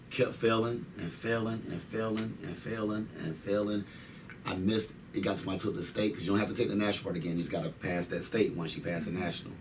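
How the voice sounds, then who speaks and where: Guest: man, thirties, very low voice, emphatic slangy storyteller, heard from a distance with faint background noise. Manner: emphatic, slangy, repeats phrases. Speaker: interview guest. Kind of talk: casual storytelling.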